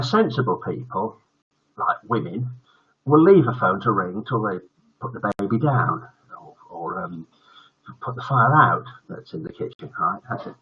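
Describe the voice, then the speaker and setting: Husky older man hosting. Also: mid-range voice, lo-fi sound. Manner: jokey, chatty, teasing. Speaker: host. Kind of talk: live-streamed bedtime story show chat.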